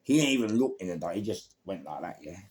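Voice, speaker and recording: A man with a London accent telling a story in a casual, animated way, swearing freely and throwing in sound words and laughs. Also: low-pitched, fast talker. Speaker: former gangster telling his story.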